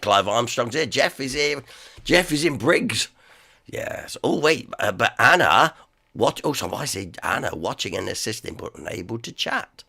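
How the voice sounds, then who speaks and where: Hoarse East Midlands man hosting a live stream. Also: on the low side, bright, forceful tone. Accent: East Midlands English. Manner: rambling, chatty, greets viewers by name. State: hoarse, sore dry throat. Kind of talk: casual live stream chat.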